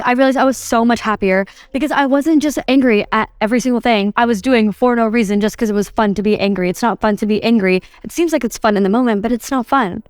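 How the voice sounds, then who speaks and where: A young woman talks through her solo podcast in a loose, chatty way, filling her sentences with "like" and slipping into quick impressions of herself. Her voice sits a bit high, and the sound is dry and close. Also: no echo. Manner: chatty, says "like" constantly, quotes herself in little acted bits. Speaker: podcast host.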